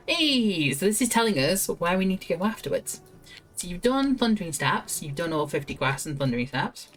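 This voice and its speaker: A woman's voice: lowish voice, very animated, normal speed, faint music behind. A woman streaming a game, chatting casually and reading quest dialogue aloud with self-mocking asides. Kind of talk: casual gameplay commentary.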